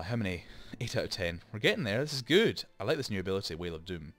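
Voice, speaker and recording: A man's voice: fairly low pitch, sing-song, fast talker, fairly bright tone, dry recording. A man hosting a let's play, chatting and rambling through explanations with lots of asides, into a desk microphone. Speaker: gaming channel host.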